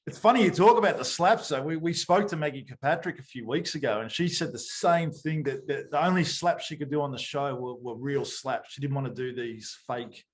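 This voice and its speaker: A man hosts a podcast interview in an easygoing tone. His voice sits at a middle pitch, and he chats casually as he follows up on his guest's story. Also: fairly quick, hardly any pauses. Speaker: podcast host.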